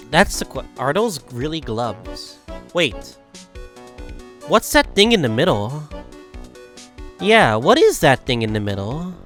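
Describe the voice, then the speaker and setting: A man's voice: a little high, a bit bright. A man streaming a game, thinking aloud with casual, profane commentary over game music. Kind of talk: let's-play commentary.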